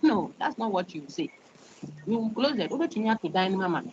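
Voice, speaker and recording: A woman's voice: mid-range voice, sing-song, fairly quick, background noise. A woman with a Ghanaian accent lecturing to a large online class. She repeats words and checks "okay?" as she explains. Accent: Ghanaian English. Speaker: university lecturer. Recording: dull lo-fi online call audio.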